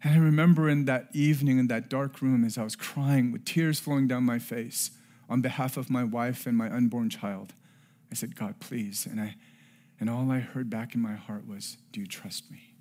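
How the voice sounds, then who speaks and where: A man's voice: mid-range voice, fairly even intonation, normal speed. Earnest middle-aged male preacher. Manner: earnest, swings from loud emphasis to hushed. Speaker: pastor. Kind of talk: sermon with personal story.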